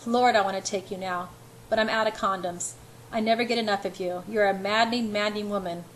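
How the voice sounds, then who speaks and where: A woman's voice: medium pitch, fairly even intonation, brisk, a little hiss or hum, lightly acted, poor audio. A woman reading a commanding wealthy young man. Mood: heated. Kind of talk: amateur audiobook reading.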